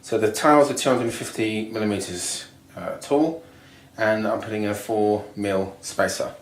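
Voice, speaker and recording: At normal speed and fairly low pitch, a DIY video host casually explains bathroom tiling step by step, thinking aloud with ums and restarts. The setting is an indoor bathroom being refurbished, recorded on a camera mic moving about, with a roomy sound.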